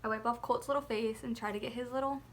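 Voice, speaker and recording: A young adult woman, a mother, telling a personal story in a chatty, expressive way, laughing often and saying "like" a lot. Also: fairly high pitch, fast talker, a little hiss or hum. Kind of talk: casual storytime monologue.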